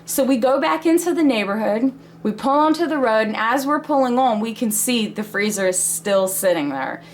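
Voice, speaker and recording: A woman's voice: fairly high pitch, animated, moderate pace. A woman in her thirties telling a family story in a chatty, casual way with laughs between lines.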